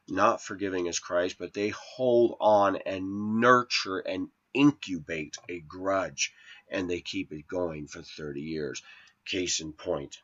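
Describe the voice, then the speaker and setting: A man's voice: deep voice, a bit bright. A man in his forties from the United States, talking through a long, earnest and aggrieved personal monologue as a vlogger. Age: 40s. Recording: dull lo-fi recording.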